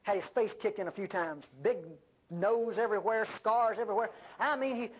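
An older woman preaching a sermon, with an animated delivery and folksy asides. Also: mid-range voice, brisk, slightly rough. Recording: dull lo-fi sermon recording.

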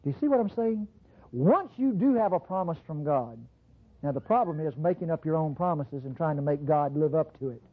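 A preacher delivering a sermon, talking straight to the congregation and swinging from low, close asides to sudden high bursts. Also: expressive, a little fast, slightly rough. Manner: addresses the congregation directly with call-outs. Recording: tinny lo-fi sermon recording.

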